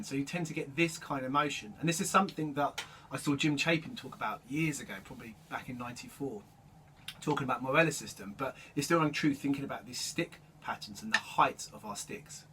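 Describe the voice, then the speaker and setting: A man teaching drum rudiments, explaining each stroke in a relaxed way and calling out the stickings as he plays. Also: medium pitch, fast, loud music behind the voice. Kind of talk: instructional demonstration. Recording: distant mic with loud drum noise.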